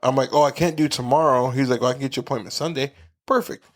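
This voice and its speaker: A man co-hosting a podcast, telling a story in casual, profane chat and acting out the people he quotes with animated, shifting voices. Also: mid-range voice, very fast. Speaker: podcast co-host.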